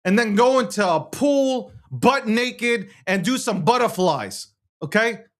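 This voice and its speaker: A man's voice: high voice, expressive, measured pace. Male host, ranting commentary, sarcastic, swings up and down a lot. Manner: profane, heated and sarcastic. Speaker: show host.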